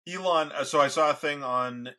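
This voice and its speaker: A man from the United States co-hosting a podcast in casual conversation, giving quick, emphatic opinions padded with fillers. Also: on the high side, bright, forceful tone. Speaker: podcast co-host.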